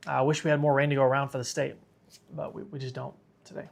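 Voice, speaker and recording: A man's voice: mid-range voice, flat delivery, fast talker, vocal fry. A man hosting a live severe weather stream, tired and sick, talking casually and reading viewer comments aloud. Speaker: weather livestream host.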